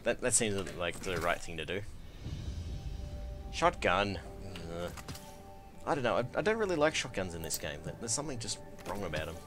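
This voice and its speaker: A man's voice: low voice, sing-song, normal speed, long pauses. A man streaming a shooter game with friends, chatting casually and joking around, swearing now and then. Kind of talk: casual gaming chat. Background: game music.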